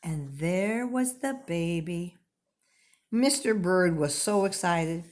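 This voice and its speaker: A woman reading a picture book aloud to young pupils, expressive and clearly paced like a teacher. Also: on the low side, slow pace. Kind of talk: children's read-aloud.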